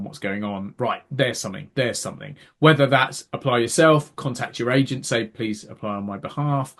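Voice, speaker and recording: Guy on a podcast, chatty, keeps restarting words, mid pitch, casual explaining. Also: a bit bright. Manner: chatty, restarts words often, acts out quoted reactions. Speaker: podcast co-host and working actor.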